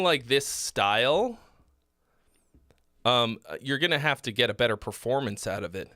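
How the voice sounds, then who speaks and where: Male host, blunt casual critique, bright clear tone, slow delivery, throat keeps catching. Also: medium pitch, sing-song, dry recording, studio quality. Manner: blunt, frequent fillers and throat clearing, swears. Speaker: host giving song feedback.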